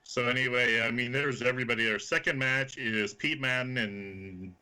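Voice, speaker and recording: A man's voice: medium pitch, steady tone, moderate pace, bright, forceful tone, clear, resonant tone, rough recording. A man who once refereed wrestling, a guest on a radio chat, telling long rambling stories. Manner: rambling, chatty storyteller.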